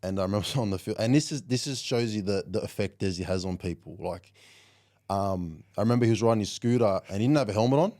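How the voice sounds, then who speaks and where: A man's voice: on the low side, fast. A young Australian man in his twenties, a guest on a casual podcast, telling stories with lots of "like" and "you know.". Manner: animated storyteller, heavy use of "like" and "you know". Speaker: guest, professional rugby league player.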